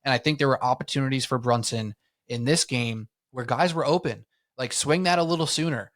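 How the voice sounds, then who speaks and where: A man's voice: mid-range voice, a little fast, a bit bright. A young man co-hosting a sports podcast, talking in a laid-back, slangy way with lots of "like" and "man". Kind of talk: casual sports chat.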